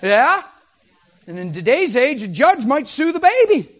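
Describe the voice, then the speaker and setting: A preacher with a high-pitched man's voice tells a lively story from the pulpit. He makes vocal sound effects and now and then drops to a hushed, soft delivery. There is a faint hiss of noise behind him. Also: unhurried. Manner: animated, with vocal sound effects, dropping to soft near-whispers. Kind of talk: storytelling sermon.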